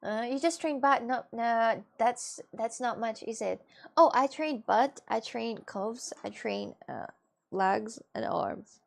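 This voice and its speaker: A woman's voice: a little high, slow pace, creaky. A woman chatting casually with her livestream viewers, rambling and giggling as she answers them. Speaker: streamer.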